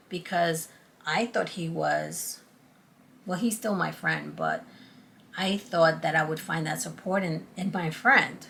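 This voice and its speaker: A woman's voice: fairly low pitch, animated, a little slow, a bit bright. A middle-aged woman chatting earnestly to her channel's viewers, acting out past conversations as she goes. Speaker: YouTube channel host. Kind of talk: casual talk to camera.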